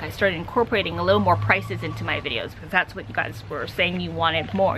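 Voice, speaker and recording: A woman travel vlogger talks to camera in a casual, candid chat. Her speech is quick and tumbles along, and her voice sounds bright and tense. A faint noise sits behind her. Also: medium pitch, rough recording. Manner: fast, chatty, candid.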